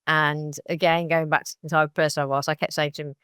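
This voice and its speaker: A woman guesting on a podcast recounts her story in an animated way, acting out other people's lines as she goes. Her voice is deep and smooth, and she talks fast, captured in a dry recording with clean studio sound.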